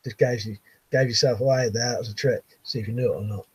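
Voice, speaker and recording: An English man in his late thirties hosts a casual live chat from his bedroom, reading out viewers' messages with relaxed, chuckling banter. He talks fast in a husky, mid-range voice with a darkish tone and fairly even intonation. There's no echo.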